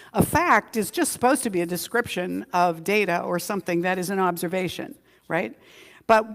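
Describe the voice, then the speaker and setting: A woman minister giving a conversational Sunday sermon, drawing out key words for emphasis. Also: mid-range voice. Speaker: senior minister. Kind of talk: Sunday sermon with a joke story. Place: community center hall. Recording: long hall reverb.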